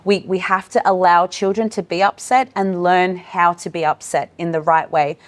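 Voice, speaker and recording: A woman presents a live training workshop, her voice sitting a little on the low side. She talks with steady encouragement, turning to people in the room and to those joining online. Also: normal speed. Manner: warm, encouraging, addresses room and online audience. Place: meeting room with in-person and online attendees.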